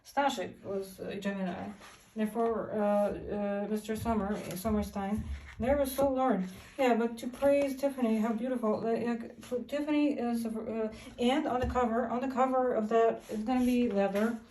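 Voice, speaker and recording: A woman talks in a long, rambling monologue, halting often and restarting her sentences. Her voice sits a little high and sounds dark and mellow. She is some way from the mic in an echoey room. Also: fairly even intonation, recorded from a distance, slight background noise. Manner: halting, many fillers and restarts. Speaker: vlogger.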